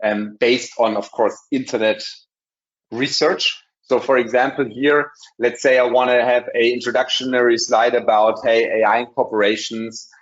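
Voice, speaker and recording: A man with a German accent giving a live software demo in a webinar, talking casually with many ums and restarts. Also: medium pitch, level tone, moderate pace, lo-fi sound. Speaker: webinar presenter.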